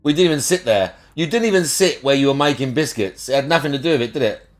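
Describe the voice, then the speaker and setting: Guy on a stream, middle-pitched voice, crude teasing banter, swears a lot. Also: animated, quick pace. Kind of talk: casual live-stream chat.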